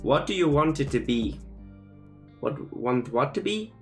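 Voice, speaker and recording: A man's voice: a little high, sing-song, a little slow, soft background music. A young man casually chatting and joking with his chat as he draws live. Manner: playful, joking, reads chat aloud. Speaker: streamer drawing fan creatures live. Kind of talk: casual livestream chat while drawing.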